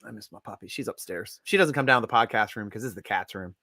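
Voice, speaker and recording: A man's voice: on the low side, quick pace, bright, forceful tone, no echo. Man host, light tense tone, dry close mic, chatty and jokey. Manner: jokey, laughs a lot, announcer-style guest intros. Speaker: podcast host. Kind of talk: casual chat.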